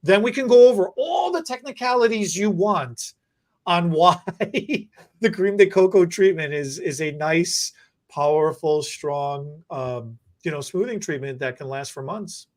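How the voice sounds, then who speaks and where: A podcast host in casual chat, joking and rambling, often restarting sentences. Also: a little slow. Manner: animated, joking, rambling with restarts and repeated words; mock infomercial pitch. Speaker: podcast host and stylist educator.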